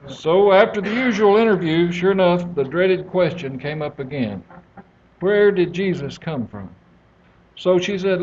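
A man's voice: sits high, expressive, a little slow, darkish tone. A man from East Texas with a Texan accent, a guest speaker giving a folksy sermon that opens with a joke. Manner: drawling, joking storyteller. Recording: dull lo-fi audio with faint hiss.

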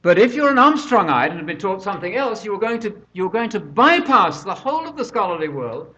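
A man's voice: high-pitched, very animated, fairly quick, bright, forceful tone. An older man preaching a conversational sermon, full of rhetorical questions, recorded on a dull lo-fi track.

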